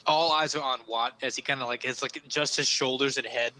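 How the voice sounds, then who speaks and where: A man running a tabletop game as game master, narrating casually with many fillers and pauses. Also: mid-range voice, steady tone, bright, forceful tone, slight background noise, low-quality recording.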